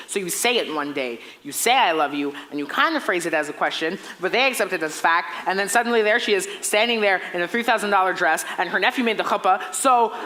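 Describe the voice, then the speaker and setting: A woman's voice: medium pitch, pushed and bright, natural voice, rough recording. A young woman playing a lonely male musical fan who talks wistfully to the audience in a stage play. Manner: chatty, wistful asides to audience. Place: theater stage.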